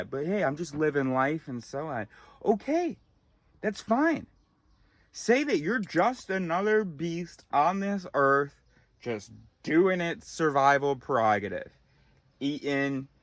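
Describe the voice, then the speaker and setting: A man's voice: sits high, no echo. A man ranting in a profane, exasperated monologue, recorded in a car. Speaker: vlogger.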